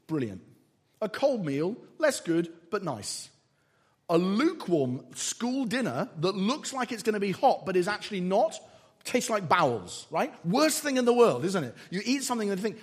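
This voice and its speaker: A man preaching a sermon in an energetic, emphatic way, often checking in with the listeners by asking "right?". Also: sits high, breathy edge.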